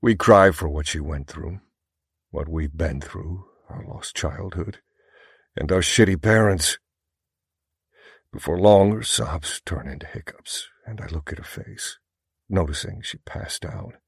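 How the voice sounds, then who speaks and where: Male audiobook narrator, low voice, dry close sound, gruff, intense, first-person. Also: measured pace, no echo.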